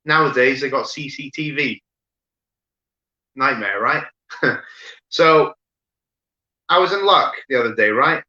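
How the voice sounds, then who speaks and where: A man delivers deadpan one-liners in a stand-up set, his voice very bright and forward. He keeps checking in with the audience and fills gaps with ums. The sound is dull and lo-fi, with a roomy echo from a home room. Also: medium pitch, slow, long pauses. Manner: deadpan delivery with frequent "right?" asides and fillers. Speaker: stand-up comedian. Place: home room, streamed online show.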